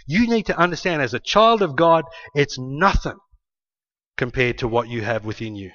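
A man preaching a sermon in an emphatic storytelling manner, tossing in "hey" asides and swinging from loud to quiet. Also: medium pitch, moderate pace. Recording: dull lo-fi sound.

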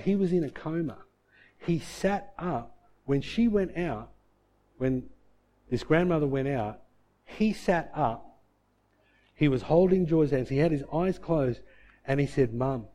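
A man preaching a sermon, telling a story and swinging from loud bursts to hushed tones. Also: mid-range voice. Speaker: pastor.

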